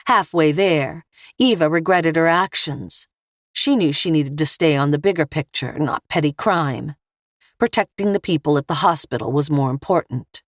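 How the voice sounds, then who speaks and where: A woman reads a thriller audiobook in a measured, steady voice. Her voice sits very low for a woman, and the studio sound is dry and close. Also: dry recording. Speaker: audiobook narrator. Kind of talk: scripted narration.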